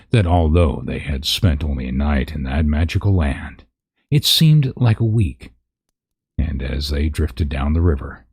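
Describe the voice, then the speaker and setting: A man's voice: very deep voice, darkish tone, breathy edge. A man reading a parody fantasy story aloud, breaking into laughs and profane asides.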